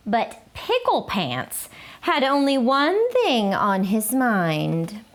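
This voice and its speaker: A woman's voice: a little high, very animated, very slow. A woman teacher reading a children's picture book aloud, greeting young listeners and telling the story with animation.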